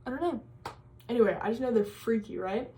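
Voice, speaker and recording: A woman's voice: fairly high pitch, brisk, mellow. A young woman vlogging, casually telling a campfire-style scary story with lots of fillers and restarts. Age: young adult. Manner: rambling, many fillers and restarts.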